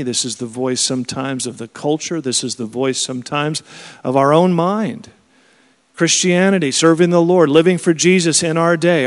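A man preaching in a slightly high voice, reading scripture verse by verse with earnest, conversational asides. His voice carries a long reverb from the hall. He keeps a steady teaching rhythm. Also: moderate pace. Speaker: pastor. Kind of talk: expository sermon reading scripture aloud.

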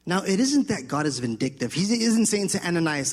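A man preaching a sermon, lively and conversational, acting out little scenes with children's voices. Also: on the high side, fairly quick, few pauses, breathy edge, big-room sound. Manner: animated preaching, acts out voices of children and God. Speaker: pastor.

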